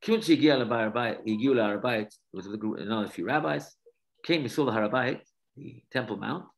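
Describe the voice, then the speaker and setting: A man teaching a religious study class as an animated storyteller who explains his terms as he goes. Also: mid-range voice, fast, creaky, poor audio. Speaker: Torah teacher.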